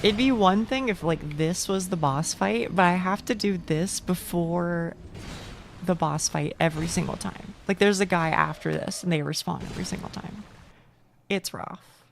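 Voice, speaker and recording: A young woman talks to her chat while she plays a game, swearing freely and making fun of her own struggles. Her low voice has a gravelly edge. A faint hiss of noise sits behind her at the desk mic. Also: unhurried. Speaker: VTuber streamer. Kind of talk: casual gaming stream chat.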